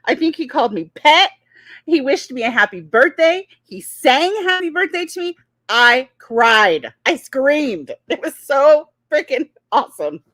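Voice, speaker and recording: A woman hosting a podcast, gushing and excitable in casual chat. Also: high-pitched, unhurried, no room sound, studio quality. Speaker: podcast host.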